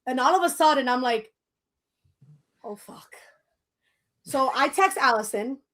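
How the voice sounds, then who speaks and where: A woman's voice: sits high, brisk. A woman co-hosting a podcast, telling a story in casual chat and switching between English and Spanish mid-sentence. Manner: animated storyteller who acts out quoted lines. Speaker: podcast co-host.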